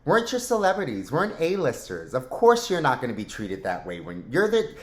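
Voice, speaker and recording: A man's voice: medium pitch, wildly swooping pitch, fairly quick. A man hosting a casual commentary vlog, rambling and chatty with a joking, lighthearted manner. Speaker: host. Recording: roomy echo.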